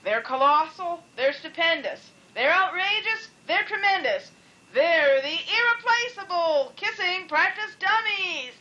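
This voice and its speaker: A woman's voice: very high voice, expressive, unhurried, sharp tone, muffled recording, pitched above the performer's own voice, heavily acted. A woman voicing a showy concert announcer calling out in a hyped-up way.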